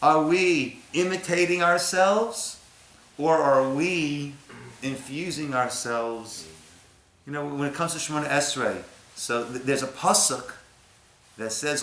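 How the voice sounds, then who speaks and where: A rabbi leading a Torah class, telling stories and swinging between soft, hushed lines and emphatic ones. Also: male voice, fairly high pitch, lively intonation, takes it slowly, echoey room. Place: synagogue room.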